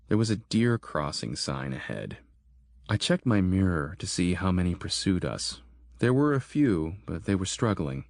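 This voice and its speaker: A man narrating a horror audiobook in a steady, measured storytelling manner. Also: low-pitched, creaky, no echo, studio quality.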